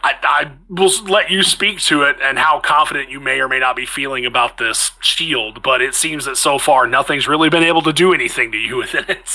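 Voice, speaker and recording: A man's voice: medium pitch, brisk, hardly any pauses, sharp tone, low-quality recording. A man narrating as game master of a tabletop game, chatty and restarting phrases as he describes the action.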